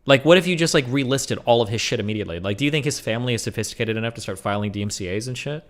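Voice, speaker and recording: A man co-hosting a casual stream chat, thinking out loud in a rambling, speculative way. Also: mid-range voice, animated, racing. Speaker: stream co-host.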